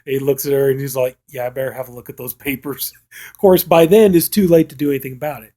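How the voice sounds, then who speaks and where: A man's voice: medium pitch, fairly even intonation, fast, mellow. A man casually reviewing a comedy show, rambling and retelling the jokes with plenty of filler words. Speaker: film reviewer.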